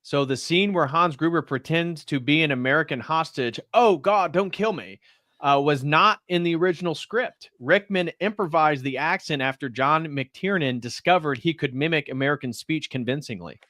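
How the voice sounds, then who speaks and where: A man's voice: fairly high pitch, normal speed, hardly any pauses, bright, forceful tone, no room sound, studio quality. A man hosting a video stream, reading out facts from notes and chatting casually. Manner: reads facts from notes, then chats. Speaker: host.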